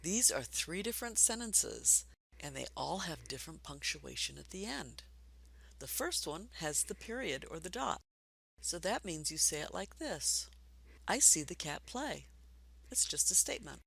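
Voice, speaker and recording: A woman teaching a basic reading lesson for adults, patient and encouraging, speaking slowly and clearly. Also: deep voice, big pitch swings, pushed and bright, dry recording.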